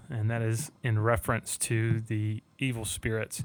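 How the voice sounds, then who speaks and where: A man with a mid-range voice, co-hosting a casual faith conversation. He speaks earnestly and slows down when he reads scripture. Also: medium pitch, fairly even intonation, a bit bright, dry recording. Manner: earnest, reads Bible verses slowly.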